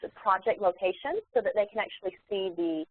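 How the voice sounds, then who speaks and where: A woman instructor demonstrating software in a live webinar, explaining steps in a relaxed way with many fillers and restarts. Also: mid-range voice, fairly quick, slightly rough, dry recording. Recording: tinny phone-like webinar audio.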